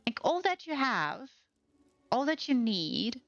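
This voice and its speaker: A woman's voice: on the high side, big pitch swings, slow, a bit bright. A woman hosting a game housing showcase, talking over a gameplay tour in a gushing, affectionate, admiring way. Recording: slightly muffled, faint music behind.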